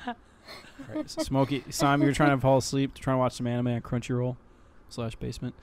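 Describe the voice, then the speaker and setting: A man's voice: medium pitch, steady tone, a little fast. A man co-hosting a podcast, teasing the others in casual chat and laughing as he talks. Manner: teasing, laughs while talking. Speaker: podcast co-host.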